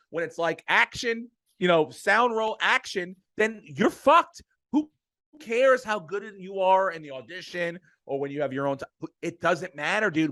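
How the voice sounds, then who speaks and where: Here a middle-aged man's high, slightly bright voice carries a profane, forceful sports rant on the podcast he co-hosts. There is no room sound, and the audio is studio quality.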